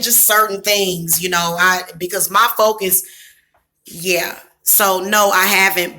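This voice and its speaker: Chatting casually on a livestream, this host rambles and talks to the viewers in her chat. She's from the American Midwest but speaks with a Southern accent, her mid-range voice carrying a sharp tone. The audio comes through her device's camera mic.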